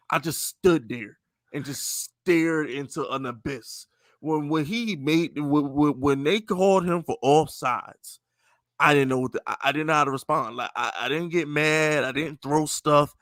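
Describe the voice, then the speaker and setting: A man hosting a casual sports podcast, talking in an animated, mocking, slangy way. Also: fairly high pitch, no room sound. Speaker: podcast host.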